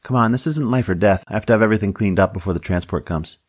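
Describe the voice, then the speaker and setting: A man voicing a bored middle-aged woman diner waitress who talks flatly and deadpan. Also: fairly low pitch, quick pace, husky. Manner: flat, deadpan.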